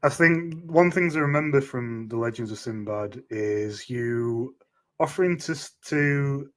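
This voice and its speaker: A man's voice: mid-range voice, measured pace, fairly bright tone. Hesitant male interview host. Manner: brief affirmations, hesitant questions. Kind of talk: casual interview chat.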